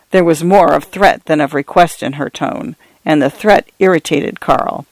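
A man reading a novel aloud as an audiobook narrator, measured storytelling with slight tone shifts for characters. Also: a little high, dry recording.

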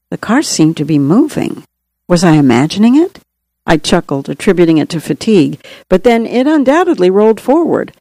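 A spiritual teacher reading a reflective article aloud in a calm, measured way. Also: mid-range voice, no room sound, poor audio.

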